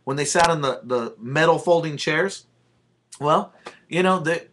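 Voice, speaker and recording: A man's voice: a little high, unhurried, a bit bright, a little hiss or hum. A male pastor giving an informal, blunt talk about church, telling stories in a conversational way. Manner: blunt and plainspoken, with a conversational storytelling tone.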